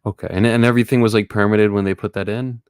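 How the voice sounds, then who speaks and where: A man making an offer on a property by phone, polite and brisk, asking one follow-up question after another. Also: on the low side, fairly even intonation, darkish tone, smooth, no room sound. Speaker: real estate investor making offers. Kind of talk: live-streamed phone negotiation.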